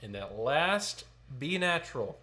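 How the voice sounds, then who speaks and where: A man's voice: fairly high pitch, big pitch swings, measured pace, bright, forceful tone, soft background music. A man leading a choir sectional rehearsal. He counts in, sings short phrases and explains notes patiently. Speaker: choir director.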